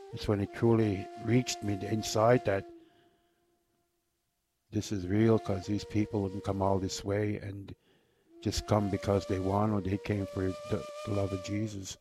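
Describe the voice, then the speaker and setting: A man telling his personal faith testimony in a halting, repetitive way, often trailing off quietly. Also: on the low side. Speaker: former inmate sharing his faith testimony.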